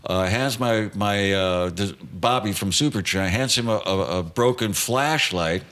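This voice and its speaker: A man in his sixties, a guest guitarist, telling an animated story in casual talk and acting out the voices of the people in it. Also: on the low side, measured pace, background noise.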